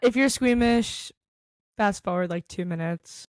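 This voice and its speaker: A young woman co-hosting a podcast, chatting casually with quick, teasing, playful interjections. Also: mid-range voice, dry recording, studio quality. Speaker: podcast co-host. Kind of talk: casual chat.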